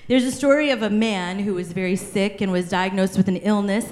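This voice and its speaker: A woman's voice: mid-range voice, fairly quick, hardly any pauses, darkish tone. A woman preaching a sermon, telling stories animatedly with frequent laughter. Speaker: pastor. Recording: echoey room.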